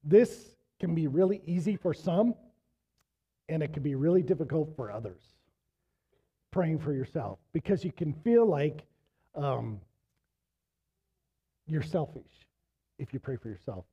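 A middle-aged man preaching a sermon with a slightly high voice that is wearing thin. He tells stories casually, then pushes into emphatic exhortation. The recording sounds muffled and lo-fi. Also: animated, a little slow, pauses often, slightly rough. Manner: conversational storytelling, rising to emphatic exhortation. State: losing his voice. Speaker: pastor.

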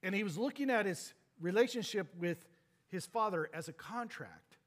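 A man preaching a sermon as pastor, swinging between emphatic exhortation and low, quiet points. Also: animated, moderate pace.

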